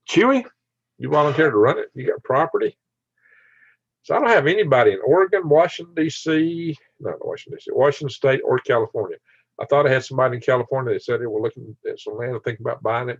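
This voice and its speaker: A man's voice: mid-range voice, vocal fry, husky, dry recording, muffled recording. An older man hosting a casual livestream, rambling and laughing as he answers viewers' comments by name. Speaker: channel host reading live chat.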